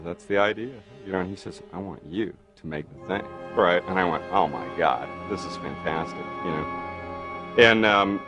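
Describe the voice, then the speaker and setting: A man in an interview telling anecdotes animatedly, acting out quoted dialogue with many fillers. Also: deep voice. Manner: animated, acts out quoted dialogue, frequent "you know". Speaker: interviewee recalling film work. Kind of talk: anecdotal storytelling.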